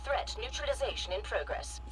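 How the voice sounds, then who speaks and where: Proper British robot drone, animated and formal, distant in the game mix under loud music. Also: female voice, on the high side, a little fast, very noisy. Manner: clipped, formal announcements.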